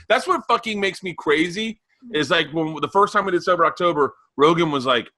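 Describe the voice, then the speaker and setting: A man in his forties, a podcast guest telling animated stories in a raspy, loud voice. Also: mid-range voice, fast talker, dry recording. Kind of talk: casual chat.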